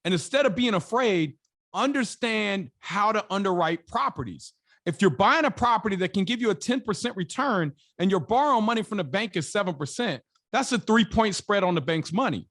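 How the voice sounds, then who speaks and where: A man's voice: sits high, a bit bright. An American man, a podcast guest and investor, telling stories in a colloquial, emphatic way that repeats phrases for emphasis. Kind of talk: storytelling in an interview.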